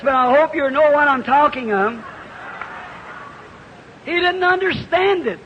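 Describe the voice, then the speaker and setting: A man preaching a revival sermon, telling a folksy story that builds into shouted fervor, heard on an old archival tape. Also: very high voice, a little hiss or hum. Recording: dull old archival tape in a reverberant hall.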